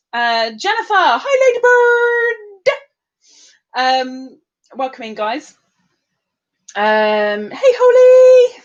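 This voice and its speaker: A woman's voice: extremely high pitch, a bit bright, muffled recording. A tired woman hosting a casual live stream, chatting bubbly and greeting viewers by name with big upward swoops.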